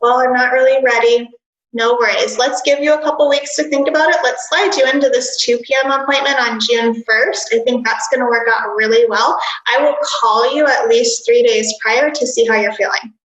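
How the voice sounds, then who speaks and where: A woman coach teaching a workshop, energetic and instructive, often giggling. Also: on the high side, brisk, few pauses, roomy sound, low-quality recording. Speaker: dental practice coach.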